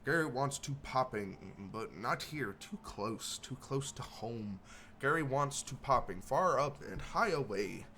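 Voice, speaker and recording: A man voicing an excitable male goblin who talks in broken sentences and repeats himself eagerly. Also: medium pitch, unhurried, a little hiss or hum.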